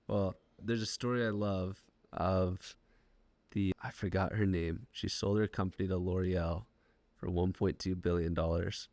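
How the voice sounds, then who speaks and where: A man hosting a conversational interview podcast, telling stories in an animated way with lots of "like" fillers. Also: sits low, measured pace, no echo. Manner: animated storyteller with many "like" fillers. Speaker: podcast host.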